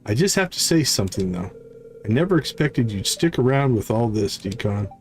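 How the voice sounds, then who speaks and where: A man's voice: mid-range voice, very animated, normal speed, soft background music. A man reading out the lines of a frail, despairing young villager recovering from illness, in a plain read-aloud way. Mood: remorseful.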